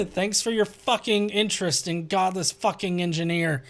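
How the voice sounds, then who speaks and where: A man's voice: high-pitched, moderate pace. A young man hosting a live stream, reading viewer comments aloud and mocking them with laughter and constant swearing. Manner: profane, laughing, sarcastic. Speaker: show host.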